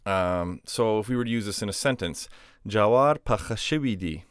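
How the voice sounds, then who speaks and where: A young adult man with a lowish, smooth voice walks through a grammar lesson, easygoing and full of small fillers. He reads example phrases slowly and clearly. The recording is close and dry, with no room sound. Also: no echo. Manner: relaxed explaining with fillers, reading example phrases. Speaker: language teacher.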